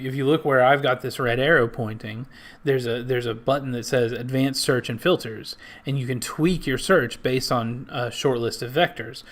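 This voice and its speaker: A man walking through a database in a screen-share tutorial, halting with many restarts and fillers. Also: mid-range voice, a bit bright. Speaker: library staff trainer.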